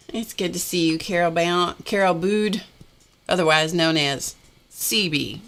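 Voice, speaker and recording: Middle-aged woman, casual livestream host, chatty and rambling, lowish voice. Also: unhurried, a bit bright. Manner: chatty, rambling, laughs often, talks to viewers by name.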